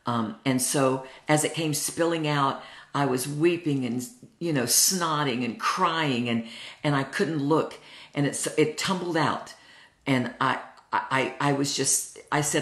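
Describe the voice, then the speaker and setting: A woman's voice: rumbling low, unhurried, a bit bright. Older lady leading a bible study, earnest and heartfelt, roomy echoey sound. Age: 60s. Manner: earnest, heartfelt personal storytelling. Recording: roomy echo.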